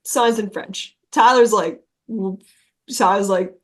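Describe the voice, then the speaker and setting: A woman's voice: mid-range voice, slow. A young adult woman, a touring musician guest, telling road stories in casual chat, laughing often and swearing freely.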